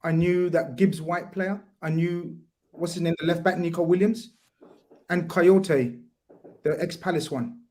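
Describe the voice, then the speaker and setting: A man's voice: fairly high pitch, fairly even intonation, measured pace, dark tone. A man with a London accent ranting and teasing his friends in a casual football chat on a podcast.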